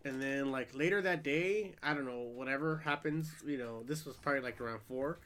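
A man's voice: medium pitch, fairly quick. A man hosting a podcast, telling a funny story in casual chat and laughing as he goes. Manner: animated storyteller, laughing through anecdotes. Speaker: podcast host.

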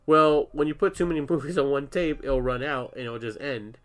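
A young man chatting on a podcast, slightly higher-pitched than most men. He tells his stories with animated energy, swears freely and laughs a lot. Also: fairly quick. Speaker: podcast co-host. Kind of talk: casual podcast chat.

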